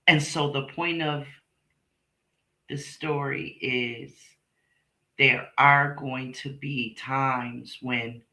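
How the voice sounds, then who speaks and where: Slow, forceful woman streamer. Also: very deep voice. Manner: blunt, emphatic, profane, repeats phrases; talks directly to chat viewers by name. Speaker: live stream host. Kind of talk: casual livestream chat with viewers.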